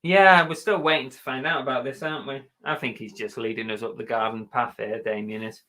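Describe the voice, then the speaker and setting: A man's voice: medium pitch, steady tone, fairly quick, bright, forceful tone. An English man hosting a casual live chat, joking around and reading out viewer comments. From England. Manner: jokey, chatty, reads out viewer comments. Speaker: livestream host.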